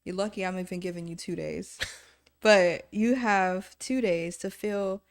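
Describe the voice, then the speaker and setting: A woman's voice: medium pitch, measured pace. A woman on a casual faith podcast, giving firm and encouraging advice with emphatic delivery.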